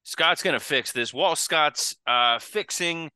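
A man's voice: a little high, measured pace, pushed and bright, smooth, dry recording. A man hosting a podcast in casual chat, loose and swearing, often restarting his sentences. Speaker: podcast host.

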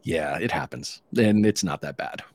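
A man's voice: deep voice, lively intonation, moderate pace. A man appearing as a guest on a casual podcast, talking in an easygoing, candid way.

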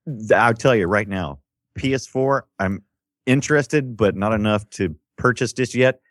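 A man co-hosting a casual gaming podcast, rambling and animated, acting out quotes as he tells stories. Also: on the low side, unhurried, no echo, studio quality. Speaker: podcast co-host.

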